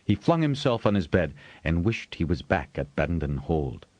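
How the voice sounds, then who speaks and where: A man narrating an audiobook in a measured storytelling manner, shifting his voice for the characters. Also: sits low, big pitch swings, a little mellow, dry recording. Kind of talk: scripted narration.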